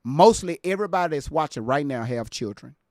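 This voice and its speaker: A man hosting a live stream from home, casually reacting to a clip, incredulous and quick to laugh. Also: fairly high pitch, animated, a little mellow, no echo, studio quality. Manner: laid-back, incredulous, laughs easily.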